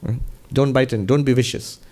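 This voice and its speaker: A man's voice: mid-range voice, steady tone, normal speed, a little mellow, lightly acted. A man voicing a stern wandering holy man who speaks in a raised, emphatic, scolding way. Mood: earnest.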